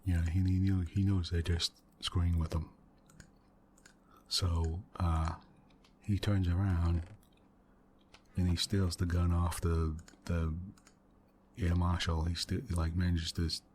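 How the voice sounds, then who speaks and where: A deep-voiced man talks quietly as the host of an ASMR gaming session. He meanders through a long story with soft chuckles and many fillers, close to a desktop mic. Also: flat delivery, slow pace, pauses often, a little hiss or hum. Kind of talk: soft-spoken ASMR let's play chat.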